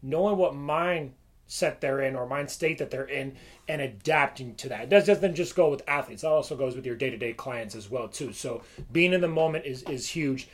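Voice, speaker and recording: A man who works as a trainer, talking casually on a podcast in a relaxed way with filler words. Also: mid-range voice, normal speed.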